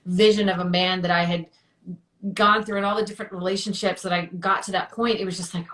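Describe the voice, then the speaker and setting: A woman in her thirties, a guest in an interview, tells her personal story in a mid-range voice at a fast clip. She's chatty, uses lots of fillers, and acts out quotes, and the room is echoey.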